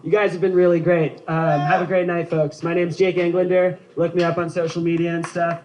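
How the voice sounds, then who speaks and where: A man's voice: a little high, level tone, brisk, background noise. A young man doing a stand-up comedy set outdoors, loose and laughing at his own jokes. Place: outdoor show.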